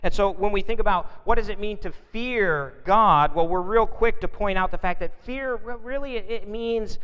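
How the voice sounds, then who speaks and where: A man's voice: high-pitched, normal speed, fairly bright tone, clear, resonant tone. A man preaching an evening sermon in an earnest way, often repeating words as he thinks, recorded in a church sanctuary. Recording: reverberant hall, dull lo-fi sound.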